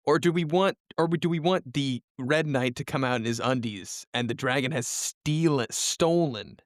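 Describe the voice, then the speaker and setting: A man co-hosting a casual podcast, pitching story ideas in easygoing, halting bursts. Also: no room sound, clean studio sound. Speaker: podcast co-host. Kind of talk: casual story-planning chat.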